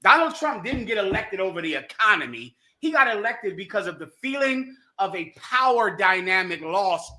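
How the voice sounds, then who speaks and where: A man with a bright, fairly high voice speaks on a stream panel. He builds his argument point by point in a steady, lecturing tone. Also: moderate pace, hardly any pauses. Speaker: panel guest. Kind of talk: discussion on a live stream.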